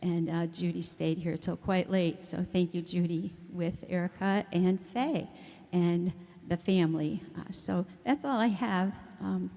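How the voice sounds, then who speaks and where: A woman's voice: lowish voice, steady tone, a little slow, vocal fry, mellow. A woman who leads the choir, thanking helpers in a chatty, emotional, rambling way at a church event. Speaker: choir director. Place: church hall with audience. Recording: echoey hall, mic often far off.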